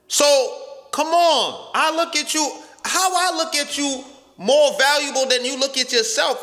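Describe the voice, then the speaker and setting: Loud animated young man ranting. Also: extremely high pitch, unhurried, long reverb tail. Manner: loud, profane, imitates voices mid-story. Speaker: podcast host. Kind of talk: animated storytelling rant.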